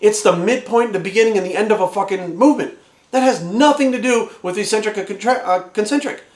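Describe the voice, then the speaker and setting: A fitness trainer ranting angrily at the camera, swearing constantly and sounding exasperated. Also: male voice, high-pitched, fast talker, darkish tone. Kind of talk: profane ranting vlog. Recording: echoey room.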